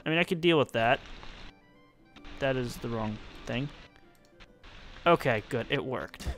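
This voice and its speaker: A man's voice: mid-range voice, measured pace, fairly bright tone, faint music behind. A young man giving casual, self-mocking commentary while playing a building game, talking to himself as he works. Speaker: let's-play gamer.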